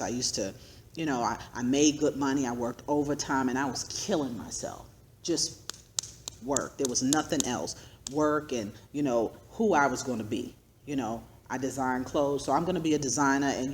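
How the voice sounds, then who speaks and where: A middle-aged woman giving an earnest personal testimony to a women's group, preacherly and quick to laugh. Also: extremely low pitch, slight background noise. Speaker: guest speaker.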